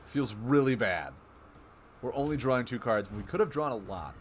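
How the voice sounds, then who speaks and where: Excitable male card game streamer. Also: medium pitch, moderate pace, slight background noise. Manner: excitable, self-mocking, thinks aloud. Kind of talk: live card game commentary.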